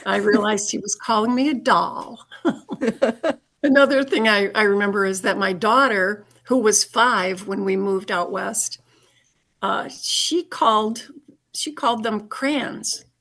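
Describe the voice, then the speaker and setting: A woman's voice: mid-range voice, measured pace, fairly bright tone. An older woman with a Michigan accent, reminiscing in a casual interview and chuckling easily. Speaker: listener guest.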